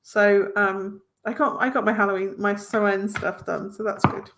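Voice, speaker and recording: A woman's voice: medium pitch, little pitch movement, moderate pace, noisy background. Chatty woman hosting a card-reading live stream. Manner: chatty, rambling, encouraging, reads comments aloud. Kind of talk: casual live-stream chat with viewers.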